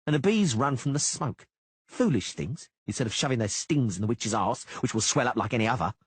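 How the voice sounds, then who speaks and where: A man reading an audiobook, voicing a swaggering male mercenary who mocks and menaces in a husky, taunting voice. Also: mid-range voice, expressive, brisk, dry recording, pitched above the performer's own voice. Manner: taunting, sneering.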